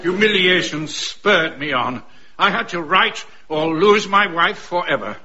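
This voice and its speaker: A man narrating as a woeful, pompous Victorian gentleman in a comic radio play, melodramatic and lamenting. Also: high voice, lively intonation, a little slow, exaggerated voice. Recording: dull lo-fi recording with music.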